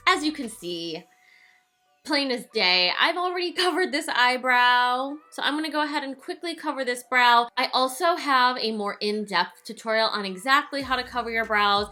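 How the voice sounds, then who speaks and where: Bright, playful woman vlogger. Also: on the high side, expressive, normal speed, soft background music. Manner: playful, jokey, slips into silly voices. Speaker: makeup vlogger. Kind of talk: casual makeup tutorial.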